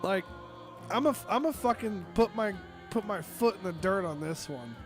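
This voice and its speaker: Sick, coughing male host with a high voice; swears constantly and rants with exasperation on a call. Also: lively intonation, moderate pace, over music. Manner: profane, exasperated ranting. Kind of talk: casual ranting chat.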